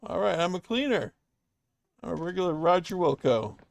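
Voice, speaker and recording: A man's voice: high-pitched, very animated, normal speed, gravelly, slight background noise. A man streaming a point-and-click game, reading its lines aloud in a playful way. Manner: playful, voices each character. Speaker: let's play streamer. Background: game music.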